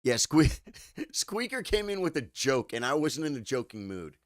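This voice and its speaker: A man chatting live with his viewers, tired and choked up, halting and repeating words as he talks. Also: mid-range voice, big pitch swings, no room sound, studio quality. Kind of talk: casual live-stream chat.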